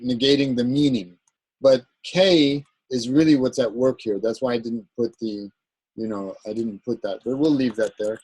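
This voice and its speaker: A man teaching an Arabic grammar lesson in a recorded class, explaining patiently with many pauses, ums and restarts. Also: mid-range voice, a little mellow, breathy edge, no room sound, poor audio. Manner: halting, searching for words, many ums and restarts; explains a grammar point patiently, checking with "right?".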